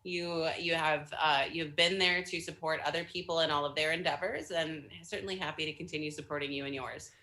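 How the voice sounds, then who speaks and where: Woman guest on a fan panel, low-ish but sharp bright voice, excited, swears casually. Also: fairly quick, hardly any pauses.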